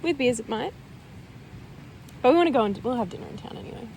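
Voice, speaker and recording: A woman chatting casually to a handheld camera as a travel vlogger, upbeat and quick to laugh. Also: a little high, lively intonation, darkish tone, slight background noise, low-quality recording. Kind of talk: casual vlog chat.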